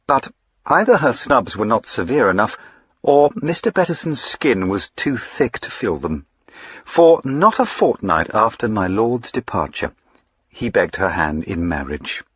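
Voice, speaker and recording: A man reading a classic novel aloud as an audiobook narrator, in a measured, expressive storytelling manner. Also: on the low side, slightly rough, dry recording, highs cut off.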